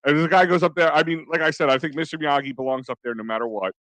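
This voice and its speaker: A man's voice: a little high, very fast, a bit bright, no echo. Emphatic man on a sports podcast. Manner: emphatic, many fillers. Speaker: podcast co-host. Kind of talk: casual sports talk.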